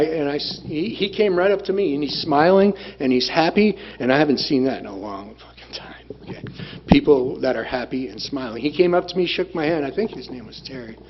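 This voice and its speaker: A man sharing his recovery story at a group meeting, plain-spoken and blunt, repeating phrases for emphasis. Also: fairly high pitch. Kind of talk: personal testimony talk. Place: meeting room. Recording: dull lo-fi room recording with faint noise.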